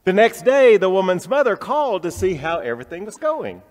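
A male pastor delivering a reflective, story-driven sermon, dropping soft for tender passages. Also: high voice, sing-song, fairly quick, long reverb tail.

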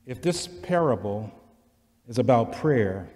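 A man preaching a sermon in a church, slow and deliberate, building repeated litanies that rise in intensity. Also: mid-range voice, animated, a little mellow. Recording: long church reverb.

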